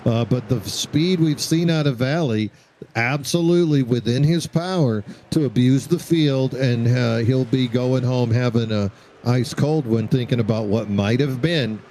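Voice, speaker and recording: A man's voice: mid-range voice, unhurried, dark tone, a little hiss or hum, poor audio. A man doing play-by-play commentary on a sim racing broadcast, joking and bantering with his co-host.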